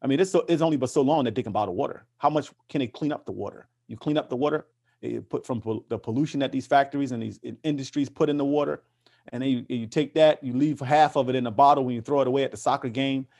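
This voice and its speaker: This activist, a man being interviewed in a relaxed conversation, has a gravelly, darkish voice at medium pitch and talks quickly. Passion and emphasis drive his delivery, and he tends to repeat words while working up to his argument.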